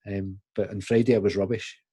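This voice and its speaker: A man's voice: fairly low pitch, flat delivery, fairly quick, mellow, slightly rough. A man hosting a podcast conversation, thinking aloud in a thoughtful, rambling way with lots of fillers. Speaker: podcast host. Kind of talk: conversational interview.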